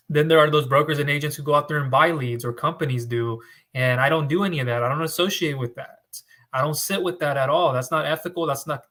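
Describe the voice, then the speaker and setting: Bright, emphatic man giving loan advice. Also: fairly high pitch. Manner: emphatic, repetitive, conversational. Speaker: business loan broker. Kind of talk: direct-to-camera advice talk.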